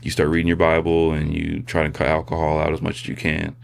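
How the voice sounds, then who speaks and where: A man, a podcast guest, sharing a personal testimony in a halting, soft-spoken way with many fillers and restarts. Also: rumbling low, monotone, vocal fry, clear, resonant tone. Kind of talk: personal testimony in casual conversation.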